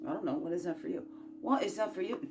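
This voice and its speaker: A woman hosting a casual self-growth chat, folksy and encouraging, rambling through asides and rhetorical questions, sometimes bursting out loud and sometimes dropping to a murmur. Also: on the low side, fast, noisy background. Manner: swings between loud bursts and quiet murmurs. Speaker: spiritual self-growth host.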